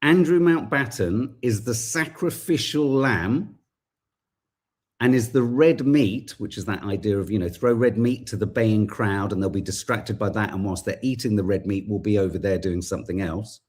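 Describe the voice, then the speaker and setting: A man's voice: on the low side, normal speed, darkish tone, slightly rough. A man hosting a podcast, giving impassioned, indignant political commentary and swearing now and then. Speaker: podcast host.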